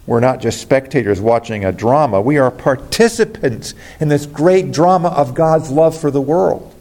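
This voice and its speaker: A man's voice: medium pitch, normal speed, darkish tone. A man preaching a sermon as a pastor, earnest and rising to emphatic exclamations.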